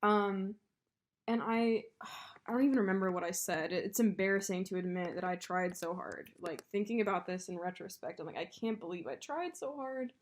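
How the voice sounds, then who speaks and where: A woman co-hosting a casual podcast chat, telling an animated breakup story and swearing freely. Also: mid-range voice, moderate pace. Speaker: podcast co-host.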